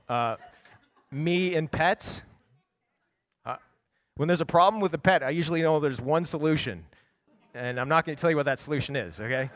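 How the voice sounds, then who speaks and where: A middle-aged male pastor preaches, weaving a personal anecdote into his sermon. His voice sits a little high for a man, dropping to quiet asides before rising into loud, emphatic bursts.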